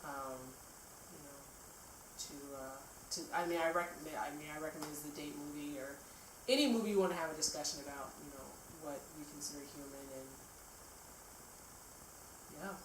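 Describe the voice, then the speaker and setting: A woman's voice: sits low, a little fast, pauses often, a crowd in the background. A woman vlogger chatting casually about a film, rambling with many fillers and restarts. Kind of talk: casual chat. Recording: echoey room, mic at a distance.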